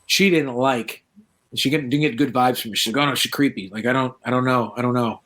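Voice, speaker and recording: A man's voice: mid-range voice, fairly quick. A man, a paranormal researcher, telling stories in a casual interview and acting out the voices of the people he quotes. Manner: animated, acts out quoted voices.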